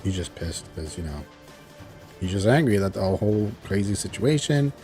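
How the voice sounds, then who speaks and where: A man casually recapping a cartoon episode, rambling with lots of fillers and excited exclamations. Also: deep voice, moderate pace, soft background music. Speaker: show reviewer.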